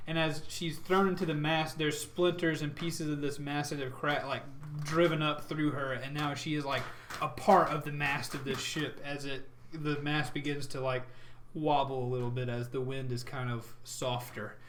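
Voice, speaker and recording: A man's voice: a little high, level tone, moderate pace, fairly bright tone, slight background noise. A man running a tabletop game as dungeon master, narrating gory combat vividly and laughing often.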